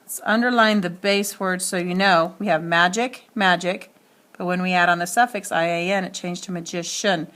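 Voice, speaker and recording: A woman's voice: lowish voice, steady tone, normal speed, fairly bright tone. A woman teacher giving a spelling lesson, speaking carefully and spelling words out letter by letter.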